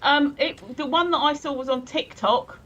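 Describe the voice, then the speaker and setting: A woman's voice: high voice, normal speed, a bit bright, muffled recording. A woman co-hosting a casual live stream, giggling often as she reads viewers' messages aloud. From England. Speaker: stream co-host.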